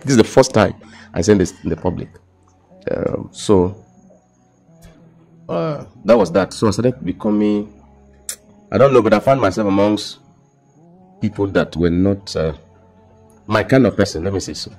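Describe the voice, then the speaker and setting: Deep-voiced Nigerian man telling his testimony. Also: expressive, vocal fry. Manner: halting, repeats words, drops into quiet emotional tones. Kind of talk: personal testimony in casual conversation.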